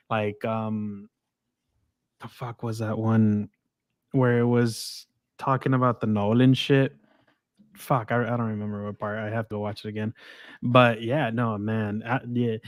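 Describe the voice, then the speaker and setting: A man of middle pitch chats loosely about a movie, swearing freely and trailing off mid-thought. His voice sits close and dry on the mic. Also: no room sound. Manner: crude, swears a lot, loose. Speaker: podcast guest. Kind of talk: casual film review chat.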